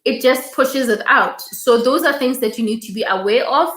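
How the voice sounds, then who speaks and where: A woman's voice: on the high side, moderate pace, a bit bright, echoey room. A woman hosting a casual YouTube live stream, chatting, reading viewer comments aloud and repeating her thanks.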